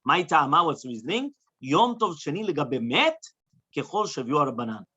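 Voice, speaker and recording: A man's voice: on the high side, big pitch swings, normal speed, pushed and bright, slightly rough. A man, a rabbi, teaching a Talmud class to students. He translates the text phrase by phrase and keeps checking in with "right?" and "yeah?". The recording is dull and lo-fi. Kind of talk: Talmud study lecture.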